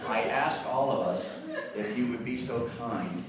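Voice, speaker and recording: A man's voice: medium pitch, expressive, normal speed, very noisy. Rambling father of the bride, echoey hall. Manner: rambling, self-deprecating, joking. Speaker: father of the bride giving a toast. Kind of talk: wedding toast speech. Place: wedding reception hall. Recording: echoey reception hall, distant mic.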